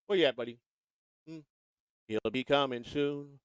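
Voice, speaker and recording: A man's voice: mid-range voice, lively intonation, moderate pace, pauses often, a bit bright, smooth, no room sound. A man hosting a livestream, ranting angrily and mocking someone with lots of swearing. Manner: angry, mocking, repetitive. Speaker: livestream host. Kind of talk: profane livestream rant.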